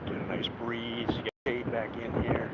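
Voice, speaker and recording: A man vlogs outdoors in the city, his mid-range voice completely flat and unhurried as he rambles with lots of fillers and little chuckles. Loud traffic and street noise dominate the background.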